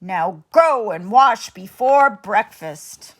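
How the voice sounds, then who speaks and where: A woman voicing a huge, kindly but bossy giantess in a bedtime storybook, booming and scolding. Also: animated, slow.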